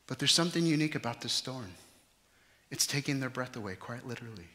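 A man preaching a sermon as pastor, lively, acting out the panicked disciples in quick voices. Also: medium pitch. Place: church sanctuary. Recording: church hall with long reverb.

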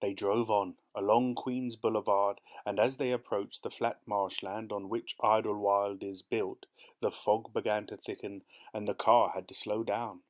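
A man reading a short story aloud as the narrator, in a measured, steady way. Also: fairly low pitch.

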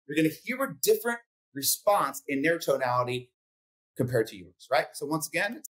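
Sales coach, man, fairly high voice, blunt and swears a lot, acts out calls. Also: brisk. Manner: blunt, profane, animated with acted-out phone calls. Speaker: real estate sales coach. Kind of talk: casual podcast coaching talk.

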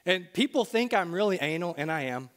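A middle-aged male pastor preaches to his congregation in a church sanctuary, telling a personal story conversationally that builds into emphatic bursts. His voice is high-pitched and a bit bright, with lively intonation and a slightly fast pace.

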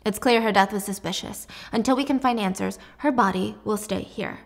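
A woman's voice: medium pitch, brisk, vocal fry, in a large hall. A woman voicing a stern mother who speaks firmly and commandingly. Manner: firm, commanding.

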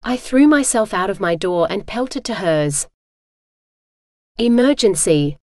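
A woman giving brisk, clear scripted first-person narration for an audiobook. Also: medium pitch, darkish tone, no room sound, studio quality.

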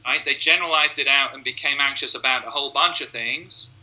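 A hypnotist being interviewed breaks down his method step by step in conversational style, acting out the voices in his clients' heads. His mid-range voice is brisk, pushed and bright, and the recording is rough.

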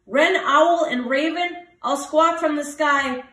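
A woman teacher reading a picture book aloud to children, with lively voices for the animals. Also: high voice, slow pace, far from the mic. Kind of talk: storybook read-aloud for children. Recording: roomy, from the mic.

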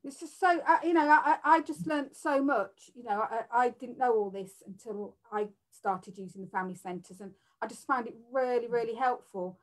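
A woman who works at a library, chatting warmly and a little haltingly in a live Q&A for parents. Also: on the high side, low-quality recording. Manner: warm, chatty, many fillers and restarts. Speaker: library worker. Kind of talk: live Q&A chat.

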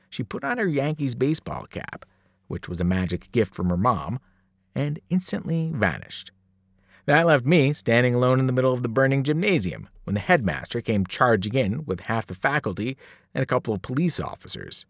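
Man reading a novel aloud, super animated, dry recording. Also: medium pitch, moderate pace, dry recording. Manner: expressive storytelling.

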